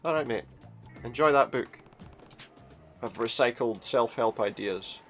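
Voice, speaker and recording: A man's voice: mid-range voice, a little slow, fairly bright tone, faint music behind. A man hosting a let's play, joking casually and reading game dialogue aloud. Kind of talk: casual gameplay commentary.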